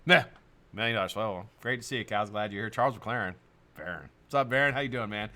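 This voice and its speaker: A man's voice: on the low side, expressive, fast, pushed and bright. An American man hosting a live stream in casual chat, greeting viewers by name, swearing and laughing often.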